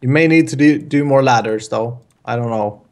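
A man at a mid-range pitch chats casually through a game. He explains as he goes, stopping and restarting his sentences and chuckling now and then. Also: normal speed. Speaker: let's play co-player. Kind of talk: casual gaming chat.

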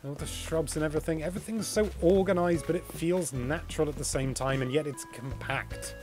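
A British man hosting a live gameplay stream, chatting in an excitable, gushing way as he tours an island. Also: fairly high pitch, fairly quick, soft background music. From Britain. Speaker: livestream host.

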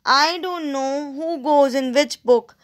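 Woman voicing earnest young storybook girl, high voice, slow, read-aloud lesson. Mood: frustrated.

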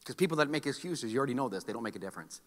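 A male pastor preaching a sermon, animated, with joking asides and repeated phrases. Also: mid-range voice, racing, long reverb tail. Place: church sanctuary.

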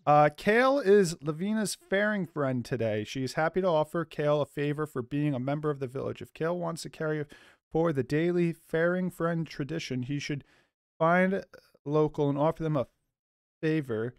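Clean studio sound, dry and clear: a young man with a slightly high voice speaks at normal speed while commentating a life-sim game for his gaming channel. It's a goofy let's play where he jokes with viewers and admits he's a little loopy.

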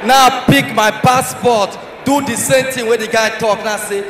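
A man with a Nigerian Pidgin accent, doing stand-up comedy, telling a story with loud shouted impressions. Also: very high voice, fairly even intonation, a little slow, hardly any pauses, a faint crowd, a little hiss or hum. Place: large live comedy hall. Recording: echoey hall from far off.

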